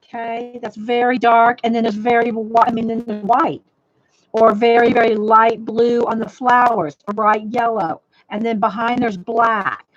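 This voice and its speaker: A woman's voice: on the high side, steady tone, moderate pace, dry recording. Chatty woman, dull dry lo-fi audio. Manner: chatty, rambling, frequent restarts, reads viewer comments. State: voice crackling. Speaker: livestream art host. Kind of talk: casual live-stream tutorial chat. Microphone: desk microphone.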